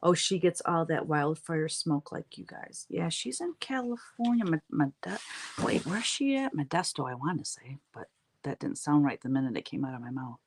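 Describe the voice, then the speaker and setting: A woman's voice: low-pitched, very animated, normal speed, slight background noise. A middle-aged woman, chatting with viewers while she paints on a livestream, rambling and laughing often. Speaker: livestream craft host.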